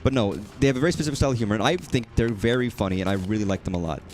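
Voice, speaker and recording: A man's voice: lowish voice, very fast, a little mellow, faint music behind. A man chatting casually while streaming a game, rambling and swearing at enemies. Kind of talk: casual gaming commentary.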